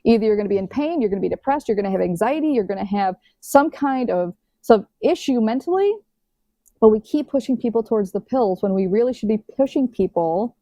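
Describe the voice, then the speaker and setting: A woman talks as a guest on a podcast, in a casual and emphatic way, repeating words when she starts over. Her voice is mellow, with a warm, soft colour. The sound is dry, with no room echo. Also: a little high, lively intonation, fairly quick. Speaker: diabetes health coach, podcast guest.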